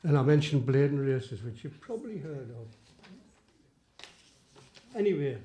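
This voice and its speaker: A man in his eighties with a Geordie accent softened by years in London, chatting and telling self-mocking jokes between songs as a folk singer on a small theatre stage. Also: medium pitch, very animated, a little slow. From Tyneside, England. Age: 80s. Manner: chatty, rambling, self-mocking joke teller. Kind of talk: live folk club patter between songs. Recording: roomy live theatre sound.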